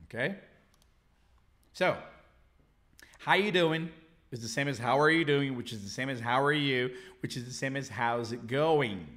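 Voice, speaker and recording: A Brazilian man with a Brazilian Portuguese accent teaching a live English lesson. He repeats phrases slowly and mixes in explanations in his native Portuguese. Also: mid-range voice, a bit bright.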